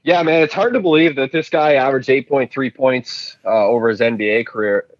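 A man co-hosting a casual sports podcast, rambling in a relaxed, jokey way. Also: mid-range voice, a little fast, no echo, dull audio. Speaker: podcast co-host.

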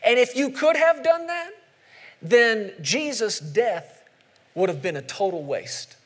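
A male pastor preaching a sermon, emphatic, posing questions to the congregation and slowing down to stress scripture. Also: very high voice, lively intonation. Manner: emphatic, asks the audience questions, slows down for scripture.

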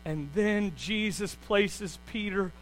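A high-pitched man delivers a sermon with lively swings from soft asides to loud, excited bursts. A faint mains hum runs under his voice throughout. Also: rough recording. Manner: animated, swings from quiet to loud and fast. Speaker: pastor.

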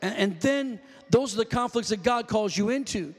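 A man preaching a fervent sermon in a church, often shouting calls to the congregation. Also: high-pitched, expressive, normal speed. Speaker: pastor. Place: church sanctuary. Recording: long hall reverb.

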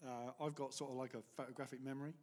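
A man from the congregation telling a one-liner in a dry, quiet, matter-of-fact way. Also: medium pitch, little pitch movement, racing. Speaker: volunteer from the congregation. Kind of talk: casual joke-telling.

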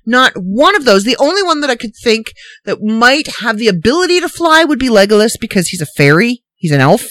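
A woman hosting a casual solo podcast, ranting in an animated, incredulous, rambling way. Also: fairly high pitch, brisk, no echo. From Canada. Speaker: podcast host.

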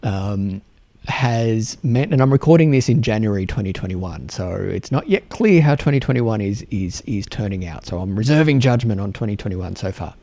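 Aussie guy doing a solo podcast, mellow voice, stumbles and restarts a lot, earnest. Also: on the low side, animated, dry recording. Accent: Australian. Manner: earnest, halting with many restarts and repeated words. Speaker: podcast host.

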